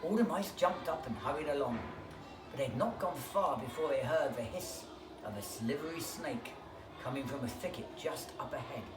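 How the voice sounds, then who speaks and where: A school reader telling a bedtime picture-book story with expressive, animated delivery. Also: medium pitch, normal speed, music in the background. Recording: echoey room, distant mic, background noise.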